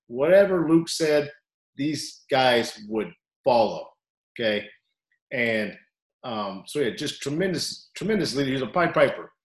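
Animated wrestling coach in a roomy echo. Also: male voice, mid-range voice. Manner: animated storyteller, acts out quotes loudly. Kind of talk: storytelling interview.

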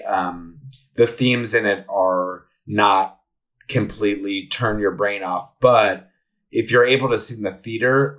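A man's voice: lowish voice, fairly bright tone. A man, a podcast guest, talking about a film in a loose, rambling way full of fillers. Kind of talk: casual film review chat.

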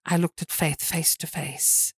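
A woman's voice: low-pitched, fairly even intonation, a little slow, slightly rough, no echo. Woman preaching, punchy and repetitive, pretty dry close sound. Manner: emphatic, repetitive preaching with dramatic bursts. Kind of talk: sermon.

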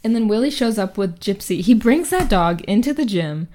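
A woman's voice: mid-range voice, animated, moderate pace, mellow, a little hiss or hum. A young woman in casual podcast chat, running through a film's plot as she goes. Her talk is loose and filler-heavy, peppered with playful disbelief. She sounds like she's hanging out with a friend. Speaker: podcast co-host. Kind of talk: casual movie recap chat.

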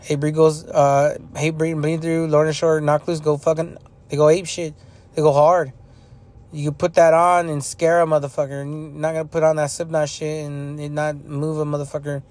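On his podcast, a young host rants about music, swearing freely, repeating himself, and speaking his mind bluntly in a casual monologue. His slightly mellow voice is on the high side, with little pitch movement and a slightly fast delivery.

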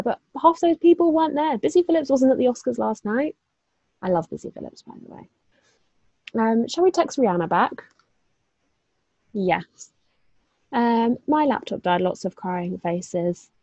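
A woman's voice: on the high side, animated, normal speed, pauses often, mellow, dry recording. Chatty woman, dry dull sound. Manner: chatty, swearing, lots of fillers and asides. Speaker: podcast co-host. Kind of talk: casual chat.

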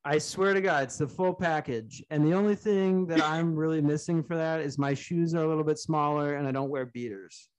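A young man with a voice a bit higher than most men chats loosely on a comedy podcast. He rambles from joke to joke, swears freely and often breaks into laughter at his own lines. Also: fairly quick, few pauses, smooth. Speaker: podcast co-host. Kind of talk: casual comedic podcast chat.

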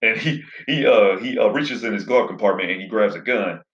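A man's voice: on the low side, a little fast. A man casually recapping a movie plot in a rambling way, full of fillers. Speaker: movie reviewer. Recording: roomy, slightly dull sound.

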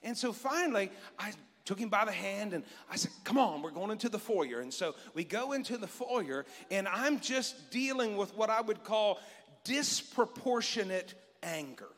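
A middle-aged man preaching a sermon as pastor, animated and joking with his congregation. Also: high-pitched, normal speed. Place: church sanctuary. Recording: long reverb of a church hall.

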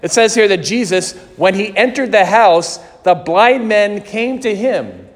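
A man's voice: high-pitched, lively intonation, in a large hall. A man preaching a sermon in an earnest, questioning way. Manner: slow, earnest, questioning delivery.

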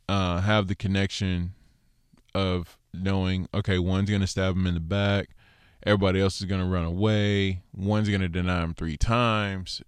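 A man's voice: sits low, clean tone, no echo, studio quality. A man giving a casual Torah teaching, talking conversationally and acting out the people he quotes, with self-deprecating humor. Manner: conversational, acts out quoted people in lively voices.

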